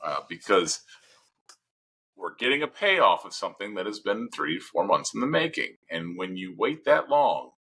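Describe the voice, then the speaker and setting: A man's voice: on the low side, fairly bright tone, husky, low-quality recording. A man co-hosting a casual podcast, talking through his opinions in long rambling turns with restarts. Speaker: podcast co-host. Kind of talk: casual chat.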